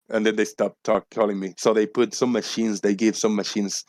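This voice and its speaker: A man's voice: fairly low pitch, flat delivery, brisk, few pauses, darkish tone, no echo. A man hosting a casual livestream, talking animatedly, swearing freely and acting out phone callers in a raised voice. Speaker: livestream host.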